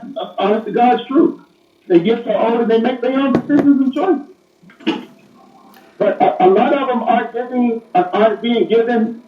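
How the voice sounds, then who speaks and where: High-voiced man on a distant, dull call. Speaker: police officer guest. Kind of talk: casual interview talk. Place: remote call from elsewhere. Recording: roomy, distant, dull remote audio.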